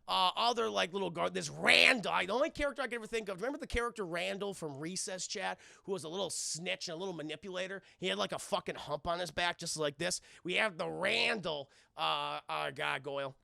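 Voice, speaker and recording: Gravelly, bright-voiced male streamer. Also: high voice, fairly quick, few pauses, dry recording, clean studio sound. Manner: animated, profane, talks to chat. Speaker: streamer reviewing a cartoon. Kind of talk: casual live-stream commentary.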